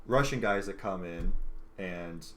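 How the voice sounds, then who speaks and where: A man's voice: deep voice, measured pace, a bit bright. A young man co-hosting a casual podcast, rambling through a film scene with many fillers and quoted lines. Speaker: podcast co-host. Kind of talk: casual chat.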